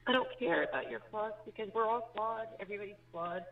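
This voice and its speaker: A woman's voice: medium pitch, quick pace. A woman speaking emotionally and pleadingly to her fiance on a jail phone call. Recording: muffled phone recording with faint music.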